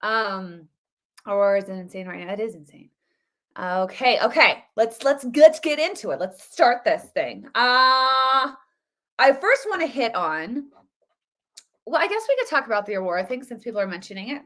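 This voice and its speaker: A woman's voice: on the high side, sing-song, normal speed, fairly bright tone. Chatty woman hosting a live stream. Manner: chatty and rambling, greets viewers by name. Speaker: livestream show host. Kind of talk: casual live-stream chat.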